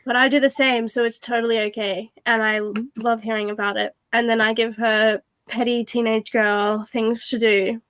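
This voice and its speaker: A young woman telling stories in casual chat, animated and swearing, mimicking other voices. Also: on the high side, normal speed, few pauses, dry recording. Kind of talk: casual storytelling.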